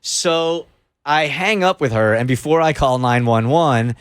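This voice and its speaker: Middle-aged male radio host, lively storyteller, dry close mic. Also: medium pitch, smooth, no echo. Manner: animated, fast storytelling. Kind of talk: storytelling on a morning show.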